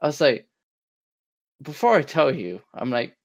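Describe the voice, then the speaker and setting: A man's voice: mid-range voice, sing-song, measured pace, pauses often, background noise. A man, a podcast co-host, telling a wry anecdote in casual chat. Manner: wry, storytelling.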